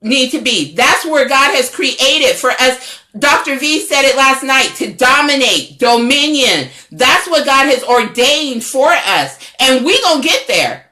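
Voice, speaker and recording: A woman's voice: high voice, expressive, unhurried, pushed and bright. A middle-aged woman, a network founder and coach, giving a fervent, preachy livestream pep talk that repeats its phrases. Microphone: phone or webcam livestream.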